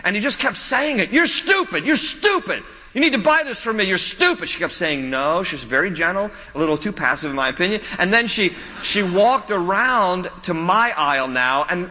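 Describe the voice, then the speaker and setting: A male pastor delivers a sermon with emphatic repetition and joking anecdotes. His voice is bright and ringing, pitched a little high for a man. A long hall reverb trails after each phrase. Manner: emphatic, repeats key lines for emphasis; humorous storytelling asides with laughter.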